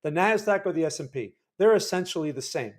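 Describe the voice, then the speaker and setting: A man's voice: high voice, lively intonation, fast talker. A man hosting a livestream, casually talking through market charts and checking in with viewers. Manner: loose, conversational, keeps checking in with viewers. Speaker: livestream market analyst host.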